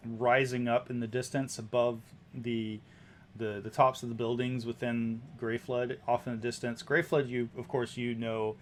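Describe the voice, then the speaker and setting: A man's voice: medium pitch, a bit bright, slight background noise. Man narrating as game master. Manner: unhurried, descriptive, many fillers.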